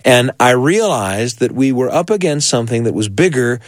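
A male host introducing a story, then calmly recalling a childhood memory. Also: medium pitch, moderate pace, dry recording, clean studio sound. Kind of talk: reflective scripted narration.

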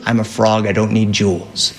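A man's voice: lowish voice, level tone, moderate pace, voice pushed down. A man voicing a hideous, pushy male frog who bargains insistently in a storytelling tale. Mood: demanding.

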